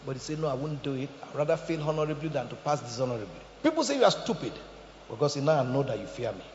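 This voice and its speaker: A man preaching a sermon as pastor, swinging between shouts and hushed tones. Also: mid-range voice, very animated, quick pace, a little hiss or hum. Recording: echoey hall, muffled sound.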